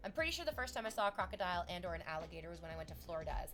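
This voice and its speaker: A young woman from Canada chats casually to her stream viewers. She tells stories in an animated way, slipping into little acted-out voices. Faint music plays quietly behind her. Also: lowish voice, racing. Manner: animated storytelling, acts out voices.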